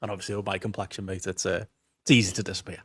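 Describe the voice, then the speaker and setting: A man's voice: sits low, level tone, very fast, creaky, breathy edge, no echo. A British man in his thirties hosting a podcast, talking in a chatty, self-mocking way and swearing freely. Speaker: podcast host. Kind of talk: casual chat.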